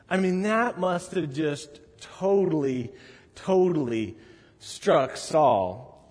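A man's voice: a little high, lively intonation, slow, a little mellow, breathy edge, long reverb tail. A man preaching a sermon in a conversational, storytelling way, with frequent casual asides to the congregation.

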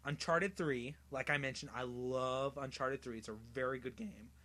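A young man co-hosting a casual podcast about video games, excitable and laughing often as he tells stories. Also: mid-range voice, moderate pace. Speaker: podcast co-host.

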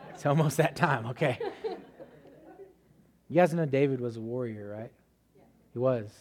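A man's voice: medium pitch, slow, pauses often, a little mellow, a little hiss or hum. A man preaching a sermon in a casual, conversational way, telling a story with many "like" fillers.

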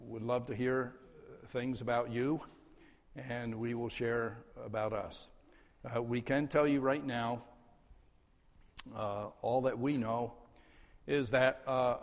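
An older man speaks from the pulpit as a departing pastor. His delivery is slow and halting, with many "uh" fillers and soft chuckles. His mid-pitched voice carries a long church reverb. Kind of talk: farewell address from the pulpit. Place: church sanctuary.

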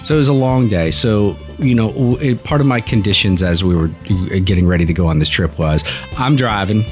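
A man's voice: on the low side, a little fast, soft background music. A man co-hosting a casual podcast chat, telling a long, winding story. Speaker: podcast co-host.

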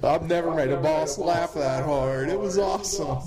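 A man's voice: a little high, unhurried, over a noisy crowd. A man telling a crude, joking story during a casual chat among friends. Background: friends chatting and laughing.

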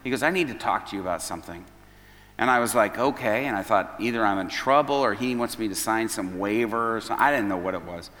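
A man's voice: lowish voice, quick pace, fairly bright tone. A man preaching at an evening service, telling a story and acting out the dialogue line by line. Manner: retells events as dialogue, quoting each person. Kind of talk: storytelling sermon. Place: church hall at an evening service. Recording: long reverb of a large hall.

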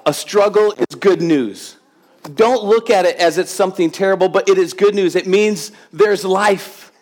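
A man's voice: high-pitched, lively intonation, measured pace, pauses often. A middle-aged man preaching a sermon to his congregation, chatty and humorous, building to emphatic exhortation. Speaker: pastor. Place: church sanctuary with congregation.

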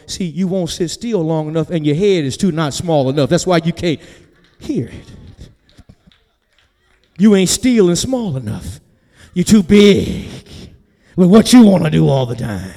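A male pastor delivering a sermon, telling stories with joking asides and building up to shouting. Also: fairly high pitch, expressive, measured pace, creaky, big-room sound. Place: church.

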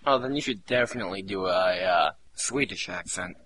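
A man's voice: low-pitched, a little fast, fairly bright tone. A young man co-hosting a casual podcast, teasing his partner and laughing often. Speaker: podcast co-host.

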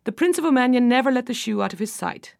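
A woman narrating a folk fairy tale in an unhurried storytelling manner. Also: fairly high pitch, expressive, vocal fry, a little mellow.

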